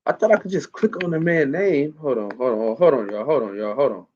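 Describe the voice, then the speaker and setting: A man's voice: mid-range voice, animated, brisk, a little mellow. A man hosting a live stream in casual chat, loose and profane, repeating himself often. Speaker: host. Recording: muffled lo-fi stream audio.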